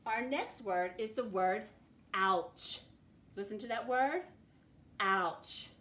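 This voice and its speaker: A woman's voice: a little high, moderate pace. A woman teaching a phonics lesson to children, patiently sounding out words letter by letter.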